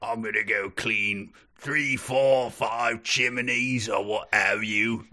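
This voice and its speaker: A man's voice: on the low side, fairly even intonation, takes it slowly, pushed and bright, full character voice. A man putting on a British accent to play a bickering teenage boy who blusters threats. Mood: blustering. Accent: put-on British. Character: snippy refined British teen boy trading insults.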